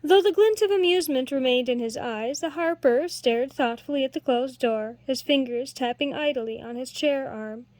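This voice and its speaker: A woman reading a novel aloud in a steady storytelling narration. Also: sits high, moderate pace, few pauses, no echo. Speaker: audiobook reader. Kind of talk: scripted narration.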